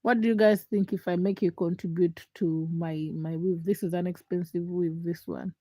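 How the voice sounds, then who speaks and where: Young woman livestream host, hoarse and congested, chatty and teasing, begging viewers to comment; dry close sound. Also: fairly even intonation, moderate pace, warm tone, no echo. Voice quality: deep, froggy voice. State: hoarse, stuffed nose from a chest infection. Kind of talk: late-night casual livestream chat. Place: her home at night.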